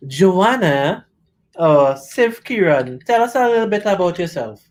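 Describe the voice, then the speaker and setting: A woman's voice: on the low side, expressive, unhurried, darkish tone. A woman hosting a casual live-stream interview, chatty and joking, rambling as she goes. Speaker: host.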